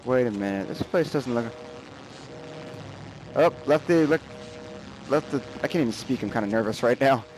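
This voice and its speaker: A man's voice: medium pitch, moderate pace, pauses often, background noise. A young man giving let's play commentary, jumpy and nervous, talking back to the game's characters. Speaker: gamer.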